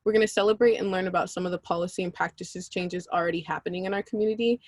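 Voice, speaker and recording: A woman leading an online workshop in a relaxed, chatty way, with frequent ums. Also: lowish voice, dry recording. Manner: relaxed and chatty, with many ums and a quick laugh. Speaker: workshop facilitator. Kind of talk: casual online workshop presentation.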